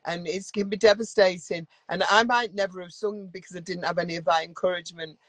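A woman's voice: on the low side, fairly even intonation, fast talker, no echo. Mancunian woman, middle-aged, interview guest. Blunt, dry-humoured, swears freely, close dry sound. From Manchester, England. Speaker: guest singer. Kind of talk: casual interview chat.

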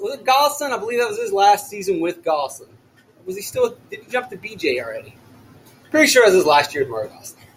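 Loud, excitable high-voiced man. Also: low-quality recording. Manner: loud, excitable, often shouting. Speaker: fantasy sports podcast host. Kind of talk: solo podcast talk.

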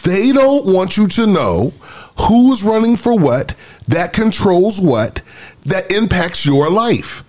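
A man's voice: sits high, big pitch swings, slow pace, darkish tone. A man, co-hosting a casual podcast discussion in an emphatic, preachy way. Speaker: podcast co-host.

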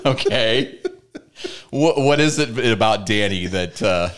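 A man's voice: animated, slow pace, fairly bright tone. A man co-hosting a podcast in casual banter, with a dry, teasing delivery. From Iowa. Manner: dry, teasing delivery with big swings in pitch. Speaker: podcast co-host.

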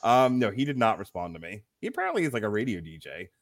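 A man's voice: on the low side, very animated, fast. A man hosting a casual movie review podcast, reading critics' quotes aloud with a wry, laughing manner. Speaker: podcast host.

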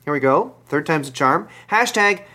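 A man hosting a podcast and running a game segment, talking in a halting, dry way with many fillers. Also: a little high, expressive, pushed and bright. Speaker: podcast host.

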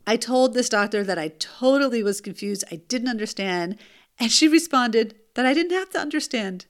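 Animated woman telling a personal story. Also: a little high, moderate pace. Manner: animated, emphatic retelling with rhetorical asides. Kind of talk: first-person storytelling monologue.

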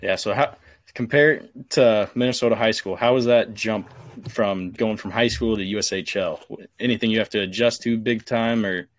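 A man's voice: on the low side, normal speed, no room sound. A man hosting a podcast, asking his guest questions in an easygoing, casual way. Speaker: podcast host.

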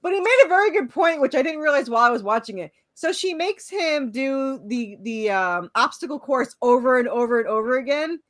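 Chatty woman with a lively voice. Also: high voice, a little fast, hardly any pauses, no room sound. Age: middle-aged. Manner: chatty, laughs often, trails off with fillers. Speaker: podcast co-host. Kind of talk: casual chat.

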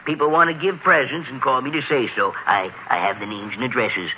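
A man's voice: mid-range voice, pushed and bright, a little hiss or hum. A man playing a jolly, kindly Santa Claus in a 1950s children's radio drama, hearty and chuckling. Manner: hearty, chuckling, brisk on the phone. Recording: muffled old radio broadcast.

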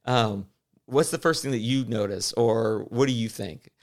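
A middle-of-the-road male voice, neither high nor low, from a man in his forties who co-hosts a podcast. He rambles through casual chat, restarting his sentences and breaking into easy laughs. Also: unhurried. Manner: rambling, self-interrupting, laughs easily. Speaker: podcast co-host.

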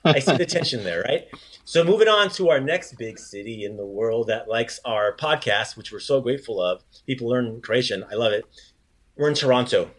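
A man hosting a casual podcast language lesson, encouraging his co-host and repeating phrases slowly. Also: medium pitch, lively intonation, slightly rough.

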